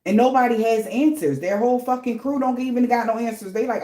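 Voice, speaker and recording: A woman's voice: on the high side, fast, few pauses, warm tone, echoey room. Profane, emphatic woman doing a reading. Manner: blunt, profane, slangy and emphatic. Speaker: tarot reader. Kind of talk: casual spiritual reading.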